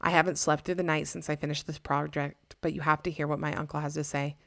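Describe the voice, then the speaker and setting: A woman's voice: sits low, little pitch movement, fast, vocal fry, fairly bright tone, no room sound, clean studio sound. A woman voicing an earnest tearful girl. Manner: earnest, pleading.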